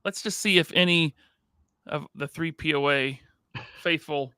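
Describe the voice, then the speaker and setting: A man's voice: a little high, a little slow, sharp tone, clear, resonant tone, no echo, studio quality. A male podcast host in casual live chat, joking and reading viewer comments aloud.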